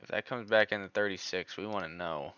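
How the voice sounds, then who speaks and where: A man streaming live stock trading, talking through charts in a casual, excitable way. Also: deep voice, fairly quick, no echo, muffled recording. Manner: excitable, groans over missed trades. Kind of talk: live market commentary.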